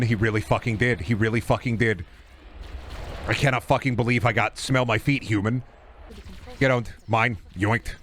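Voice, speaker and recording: A man's voice: mid-range voice, a little hiss or hum. Young guy streaming a shooter, mid voice, swears constantly, goofy rants, yelps when he dies. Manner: profane, jokey rambling with sudden loud outbursts. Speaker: streamer playing a shooter game. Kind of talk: casual gameplay commentary.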